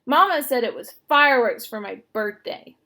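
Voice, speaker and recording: A woman's voice: sits high, lively intonation, normal speed, fairly bright tone, voice pushed up. A woman reading a storybook aloud, voicing a stubborn five-year-old girl who pouts and wails. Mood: indignant. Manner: pouting, wailing, belligerent.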